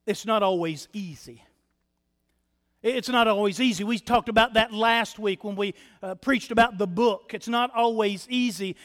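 A man with a very high voice preaches slowly and deliberately from the pulpit. He leans on repeated phrases and calls out to his congregation. His words ring out with the long reverb of a church sanctuary. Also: a bit bright. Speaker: pastor. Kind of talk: sermon.

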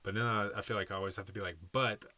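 Low-voiced playful male podcast co-host. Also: fairly even intonation, racing, sharp tone. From Nashville, Tennessee. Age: 30s. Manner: rambling, playful, laughs often. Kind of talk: casual chat.

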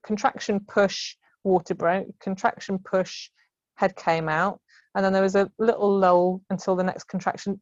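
A woman's voice: mid-range voice, no room sound. A woman in her thirties, a podcast guest at home on a remote call, telling her story in a chatty way, often laughing and acting out what others said. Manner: chatty, laughs often, acts out quoted voices. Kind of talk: casual storytelling. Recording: slightly muffled call audio.

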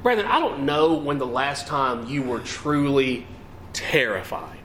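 A man's voice: mid-range voice, expressive, measured pace, a bit bright, a little hiss or hum. A man preaching a sermon to a congregation, asking them questions and reading scripture with emphatic, rising and falling delivery.

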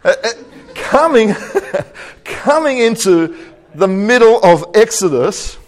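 A man's voice: high voice, sing-song, slow. A man preaching a sermon, telling a joke and laughing at his own punchlines. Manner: jokey storyteller, chuckles at own jokes.

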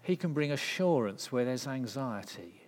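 A man preaching a sermon, swinging from loud, intense passages to hushed ones. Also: mid-range voice, expressive, moderate pace. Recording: long reverb of a hall.

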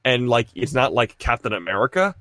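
A man's voice: medium pitch, sing-song, a little fast, a crowd in the background. A man co-hosting a casual movie podcast, explaining at length in an earnest way. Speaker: podcast co-host.

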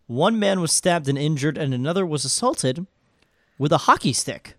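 A man's voice: on the high side, moderate pace, no room sound, clean studio sound. A man co-hosting a podcast in casual comedic chat, joking around with lots of energy. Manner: jokey, animated, does silly sound effects. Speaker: podcast co-host.

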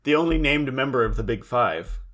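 A man co-hosting a casual podcast, recapping an episode in a relaxed, wry storytelling way. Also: mid-range voice, fairly quick. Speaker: podcast co-host.

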